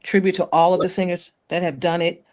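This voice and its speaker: A woman, a guest singer, chatting in an interview and telling animated stories. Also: lowish voice, a little fast. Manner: animated storyteller, acts out quotes. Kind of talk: casual interview chat.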